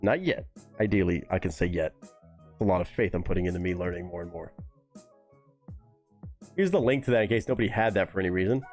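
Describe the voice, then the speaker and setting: A man's voice: low-pitched, fairly quick, long pauses. A young man hosting a live reaction stream, chatting casually, swearing freely and reading chat messages aloud. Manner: animated, profane, reads chat aloud. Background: faint music playing.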